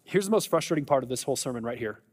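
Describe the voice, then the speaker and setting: A man's voice: mid-range voice, expressive, rapid-fire, a little mellow, big-room sound. A man preaching a sermon in a conversational, earnest way, with an American accent and frequent fillers and restarts. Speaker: pastor.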